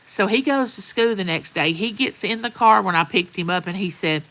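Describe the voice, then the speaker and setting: A woman's voice: lowish voice, moderate pace, few pauses, a bit bright, low-quality recording. An older woman, telling folksy stories in a rambling, casual chat outdoors. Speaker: vlogger. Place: outdoors at sunrise.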